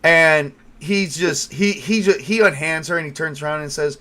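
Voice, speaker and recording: A man narrating as game master with lively storytelling. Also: fairly high pitch, moderate pace, hardly any pauses.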